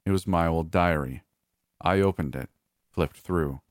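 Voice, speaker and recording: A man narrating a horror story in a calm, measured way. His voice is extremely deep and his pace slow and deliberate, recorded dry and close. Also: no echo. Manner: measured, calm first-person telling.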